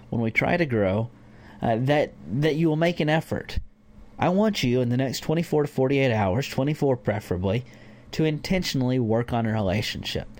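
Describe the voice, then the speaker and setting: A man's voice: mid-range voice, a little mellow. A man teaching a conversational Bible lesson to a church group, informal with fillers. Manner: informal, with fillers and acted-out examples.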